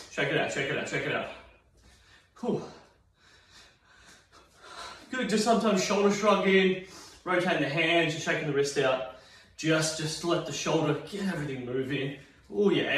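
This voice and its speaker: Breathless, encouraging Australian fitness coach. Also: male voice, sits high, a bit bright, a little hiss or hum. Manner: upbeat, encouraging, counts reps aloud. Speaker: fitness instructor. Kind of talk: guided seated exercise class. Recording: very echoey room, mic far off.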